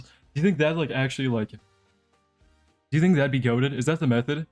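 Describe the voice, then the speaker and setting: A man's voice: mid-range voice, quick pace, darkish tone. Young male streamer, rambling, faint music. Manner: rambling, joking, talks to chat while playing. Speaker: game streamer. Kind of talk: casual live-stream chat. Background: faint background music.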